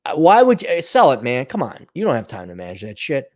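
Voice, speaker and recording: A man's voice: medium pitch, huge pitch swings, quick pace. Sarcastic, ranting male podcast host. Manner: mocking put-on voices in asides. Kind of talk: solo podcast rant reading listener donations.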